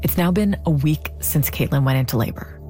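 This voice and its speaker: A woman narrating a podcast story in a measured, composed way. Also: sits low, animated. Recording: soft music bed underneath.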